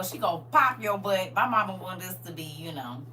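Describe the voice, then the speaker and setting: A woman's voice: fairly low pitch, animated, normal speed, hardly any pauses, bright, forceful tone. A middle-aged woman hosting a livestream, chatting casually and emphatically and laughing often. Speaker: livestream host. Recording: distant mic with faint hum.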